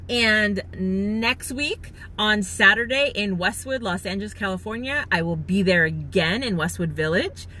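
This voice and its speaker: A woman's voice: a little high, bright, forceful tone. A woman live-streaming to her viewers from a phone, chatting heartfelt and gushing with lots of fillers, near tears at times. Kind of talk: emotional live-stream chat.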